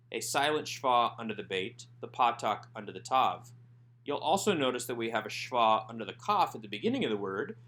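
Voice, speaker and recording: A man teaching Biblical Hebrew grammar in a recorded workbook lesson, explaining step by step and slowing down to sound out each word. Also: medium pitch, a bit bright, a little hiss or hum. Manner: methodical, slows down to sound out Hebrew words. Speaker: Hebrew instructor.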